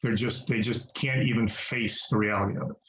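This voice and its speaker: A man's voice: lowish voice, steady tone, fairly quick, a bit bright. A man leading a real estate investing training on a group call. He talks in a folksy, chatty way, repeats words for emphasis and calls his listeners guys. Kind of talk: conversational teaching on a group call. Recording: roomy, muffled call audio with faint hiss.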